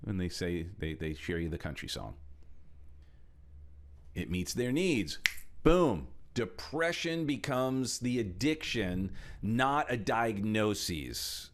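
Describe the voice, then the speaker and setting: Animated male motivational speaker. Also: on the low side, slow pace. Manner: animated, acts out quoted voices, swings from loud to hushed. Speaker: speaker and trainer. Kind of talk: motivational talk.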